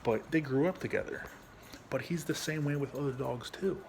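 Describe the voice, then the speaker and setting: A man's voice: moderate pace, vocal fry, a little mellow, slight background noise. A man talking bluntly in a casual, rambling vlog at home, swearing often and restarting his sentences. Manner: high baby-talk voice when speaking to his dog. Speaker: veteran vlogger.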